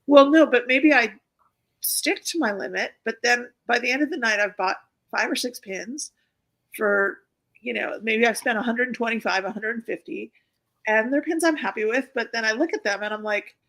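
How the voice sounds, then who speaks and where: A woman's voice: a little high, moderate pace, a bit bright, poor audio. A woman hosting her own live stream, chatting casually and rambling with many fillers and restarts. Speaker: host of a live pin-collecting stream.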